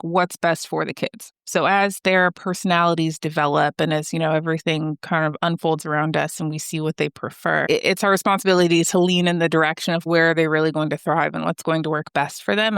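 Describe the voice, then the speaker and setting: A chatty woman from the US in her thirties talks as a podcast guest, filling her sentences with "like" and "you know." Her voice is smooth and crisp. The sound is close and dry, with no room around it. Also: sits low, a little fast, few pauses, no echo. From United States. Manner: chatty, animated, many fillers like "like" and "you know". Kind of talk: conversational interview.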